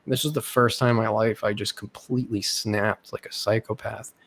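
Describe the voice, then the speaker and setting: Gravelly young man telling stories. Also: on the low side, fairly quick. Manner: animated, acts out quoted people with raised voice. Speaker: host. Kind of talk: casual storytelling chat.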